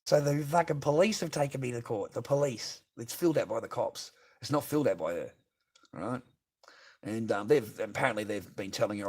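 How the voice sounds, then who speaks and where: A man's voice: mid-range voice, normal speed, darkish tone. An Australian man livestreaming, ranting bluntly and profanely as he reads viewer comments aloud and answers them. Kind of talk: ranting live stream chat.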